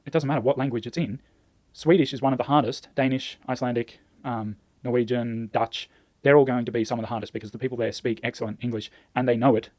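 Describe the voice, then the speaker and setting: Fast-talking animated man giving advice. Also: mid-range voice, no echo. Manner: animated, laughs often, acts out dialogue. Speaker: language-learning vlogger. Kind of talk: casual advice talk to camera.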